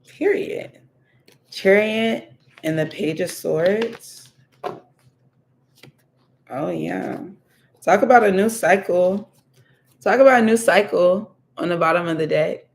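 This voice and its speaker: A woman's voice: on the low side, takes it slowly, vocal fry, long pauses, a little hiss or hum. A woman giving a casual tarot reading, thinking aloud with many fillers and repeating her questions to the cards. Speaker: tarot reader.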